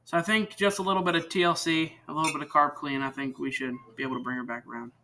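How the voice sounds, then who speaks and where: Bright-voiced teenage boy explaining repairs. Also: fairly high pitch, fairly even intonation, quick pace. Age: teens. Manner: rambling, chatty, corrects himself often. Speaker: channel host demonstrating repair. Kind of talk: casual how-to demonstration.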